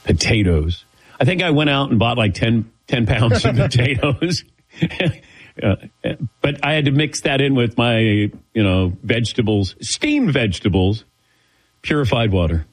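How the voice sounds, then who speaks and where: A man's voice: medium pitch, expressive, measured pace, slightly rough, poor audio. A man hosting a show, telling a long rambling story in a casual way and acting out the voices of people he quotes. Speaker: show host.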